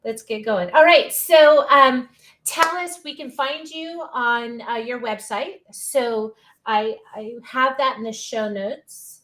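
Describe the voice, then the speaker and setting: A woman hosts a live-streamed interview podcast, chatty and upbeat as she cheers her listeners on. Her voice is on the high side and fairly bright, and she speaks slowly.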